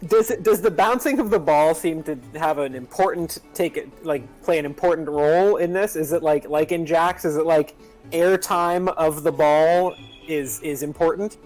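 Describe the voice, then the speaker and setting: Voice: mid-range voice, moderate pace, darkish tone, soft background music. Joking, stumbling tabletop player. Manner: joking, stumbling over words. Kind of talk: casual tabletop play.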